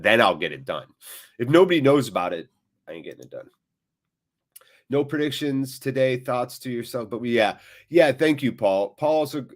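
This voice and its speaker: A man hosts a live football watchalong, talking straight to his viewers in an easy, chatty flow. His delivery is rambling and full of jokes, and his voice sits at an ordinary middle pitch for a man. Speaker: live-stream host. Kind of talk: casual live watchalong chat.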